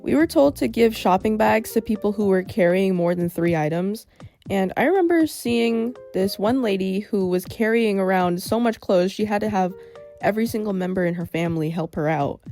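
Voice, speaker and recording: A woman's voice: mid-range voice, normal speed, warm tone. Wry young woman telling a storytime. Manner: wry and sarcastic. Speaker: vlogger. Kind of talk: storytime vlog narration. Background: faint background music.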